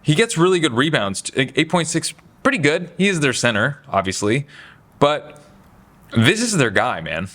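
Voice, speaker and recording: A man giving casual, opinionated basketball talk, chatty and animated, slipping into mocking voices for quotes. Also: fairly high pitch, moderate pace. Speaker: basketball commentary host.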